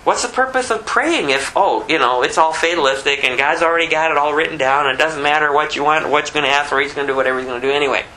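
Bright-voiced older man preaching informally. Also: on the high side, quick pace, hardly any pauses, slight background noise, low-quality recording. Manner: conversational, animated, with rhetorical questions. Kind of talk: informal sermon.

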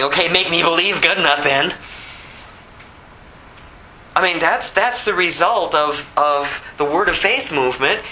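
A man preaching an expository sermon, shifting between low scripture reading and high, pleading acted prayers, with a conversational delivery full of asides. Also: pushed and bright, a little hiss or hum, poor audio.

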